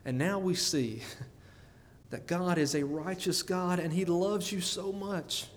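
A man's voice: high-pitched, takes it slowly, a little hiss or hum. Earnest man preaching in a reverberant hall. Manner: earnest, repeats words, asks the listeners questions. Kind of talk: sermon.

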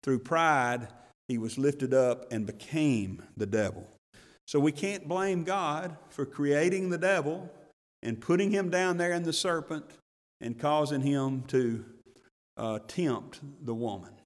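Guy preaching a sermon, kinda high voice, folksy and punchy, echo from a big room. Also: slow pace. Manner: folksy preaching with rising emphatic bursts. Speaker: pastor.

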